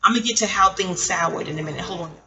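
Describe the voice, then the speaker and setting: A woman's voice: fairly low pitch, quick pace, bright, forceful tone, poor audio. A woman vlogging a rambling personal monologue, chatty and digressive, often stopping to fire off pointed rhetorical questions. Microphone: audio-only home recording.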